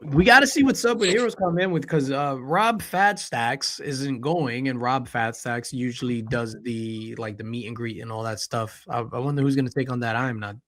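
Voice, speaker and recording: A man's voice: mid-range voice, normal speed, few pauses, fairly bright tone. A man hosting a casual pop culture chat show, laid-back and slangy. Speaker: show host.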